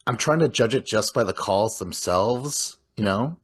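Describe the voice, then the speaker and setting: A man with a somewhat low voice talks loosely through a film. He rambles, swears freely and breaks into laughter as he goes. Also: animated, unhurried, breathy edge. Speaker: podcast host. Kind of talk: casual movie discussion.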